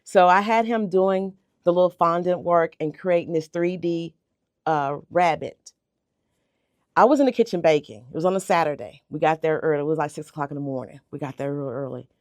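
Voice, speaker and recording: A woman's voice: low-pitched, fairly quick, darkish tone. A middle-aged woman speaks as a guest in a radio studio, telling her story earnestly and from the heart. Her voice is close and dry, with no room echo, and she sometimes repeats words as she gathers herself. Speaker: bakery owner, interview guest. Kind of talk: emotional storytelling in a radio interview. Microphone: radio studio microphone.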